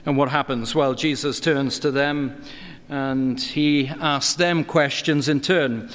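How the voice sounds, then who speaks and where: A middle-aged man preaching a sermon, earnest and expository, his pitch climbing when he presses a point. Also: fairly even intonation, takes it slowly, a bit bright. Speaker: pastor. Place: church. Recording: long church reverb.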